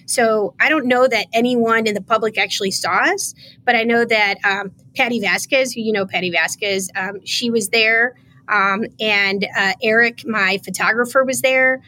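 A woman's voice: fairly high pitch, normal speed, sharp tone. A woman guest on a podcast, telling a painful personal story with emotion, close to tears, in an earnest way with many fillers.

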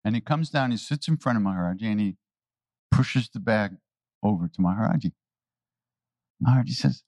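A man telling stories to a live audience on a handheld mic, animated, laughing and often restarting his sentences. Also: lowish voice, fairly quick, long pauses, dry recording. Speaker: spiritual teacher answering questions. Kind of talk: anecdotal storytelling talk. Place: talk before a live audience. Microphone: handheld microphone.

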